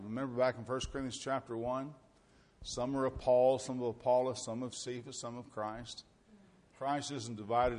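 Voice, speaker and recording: Folksy male preacher teaching a congregation. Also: mid-range voice. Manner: conversational, folksy asides with the congregation; reads scripture aloud with rising emphasis. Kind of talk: sermon.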